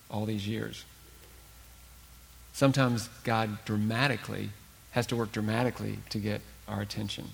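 Gravelly-voiced male pastor preaching. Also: lowish voice, long reverb tail. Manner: earnest preaching with dramatic pauses and emphasis. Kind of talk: sermon.

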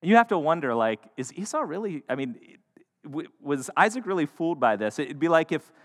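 Animated man preaching in an echoey hall. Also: fairly high pitch, a little fast. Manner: animated, joking storyteller. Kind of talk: sermon.

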